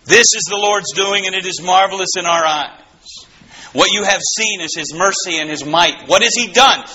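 A man preaching a sermon, swinging between soaring exclamations and hushed low asides. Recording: slightly dull, faintly noisy recording.

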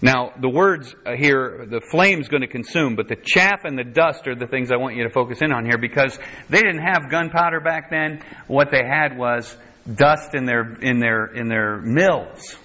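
A man's voice: medium pitch, normal speed, pushed and bright. A man preaching a sermon as pastor, reading scripture verse by verse and adding wry asides. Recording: dull lo-fi sermon recording.

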